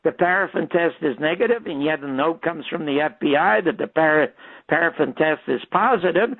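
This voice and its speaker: An older man, a radio guest, telling stories in an animated way and acting out the voices he quotes. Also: a little high, no room sound. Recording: tinny phone line.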